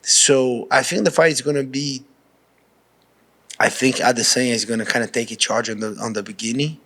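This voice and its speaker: Brazilian guy, fighter at a media day, casual and blunt, keeps restarting, mid pitch. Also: steady tone, moderate pace, pushed and bright. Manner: casual, frank, restarts often, says "bro". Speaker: professional fighter. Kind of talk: pre-fight media interview.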